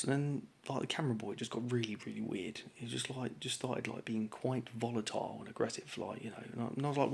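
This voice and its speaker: A man's voice: medium pitch, a little fast, gravelly, few pauses, a little mellow, breathy edge. A man telling a long, exasperated story to camera in a rambling, casual way, full of fillers. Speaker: vlogger telling a grievance story.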